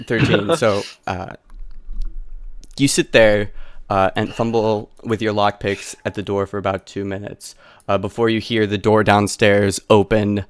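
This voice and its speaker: A man's voice: fairly low pitch, flat delivery, measured pace, clear, resonant tone, dry recording. A man narrating a tabletop game as game master, with a hesitant delivery full of fillers.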